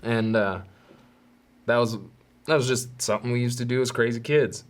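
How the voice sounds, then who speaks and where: A man's voice: mid-range voice, fairly even intonation, moderate pace. A man hosting his own podcast, telling stories from childhood in a candid, rambling, self-deprecating way. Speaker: podcast host. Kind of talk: solo storytelling podcast.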